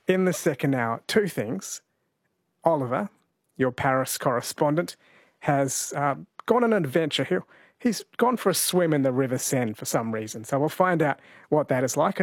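A man hosting an overnight radio show, chatting in a relaxed way and reading out listener texts. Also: on the high side, no echo, clean studio sound. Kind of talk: late-night radio talk. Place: radio studio. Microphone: studio microphone.

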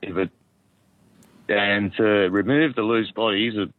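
Australian male caller, 50s, croaky from a cold, halting, dry tinny phone sound. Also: lowish voice, no room sound. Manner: rambling, halting with many restarts. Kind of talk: radio call-in chat.

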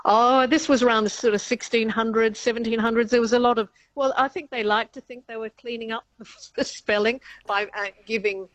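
A woman's voice: on the high side, steady tone, a little fast, hardly any pauses, fairly bright tone, no echo. A woman professor of linguistics answering radio interview questions in a chatty, explanatory way, laughing often mid-sentence.

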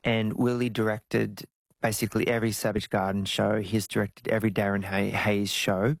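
A man, telling stories as an interview guest, jumping into high squeaky tones when he jokes. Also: normal speed, vocal fry, dry recording. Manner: animated storytelling, jumps to high squeals when joking. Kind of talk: casual interview chat.

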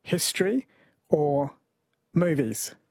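Chatty radio host, slightly husky. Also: male voice, on the high side, big pitch swings, takes it slowly, mellow, dry recording. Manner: chatty, amused, reads listener texts aloud. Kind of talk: late-night talkback radio quiz.

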